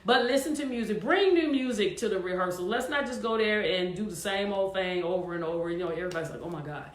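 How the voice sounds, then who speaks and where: A woman's voice: medium pitch, quick pace, echoey room. A woman choir director hosting her show, talking casually and encouragingly to viewers, with frequent fillers.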